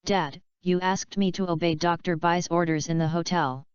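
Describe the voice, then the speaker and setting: A spoiled young heir who brags and smooth-talks his way out of trouble, as a woman narrator reads him. The voice is low and very clear. The recording is dry and slightly dull. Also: fairly even intonation, normal speed, dry recording, close to an everyday voice. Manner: smooth-talking, bragging. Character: boastful young man, spoiled rich son.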